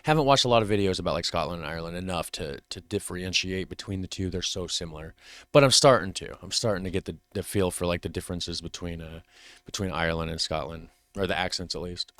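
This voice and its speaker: American male reaction host: deep, crisp-toned, dry mic, loose rambling delivery. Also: fast, fairly bright tone, no echo. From United States. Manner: chatty, trails off and restarts mid-thought. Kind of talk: casual reaction commentary.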